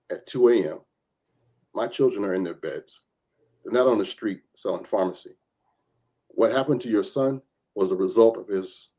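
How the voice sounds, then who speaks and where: Husky-voiced man telling animated stories. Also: medium pitch. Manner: animated storyteller who acts out quoted voices. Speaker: guest, reverend and gun rights advocate. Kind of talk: storytelling in a podcast interview.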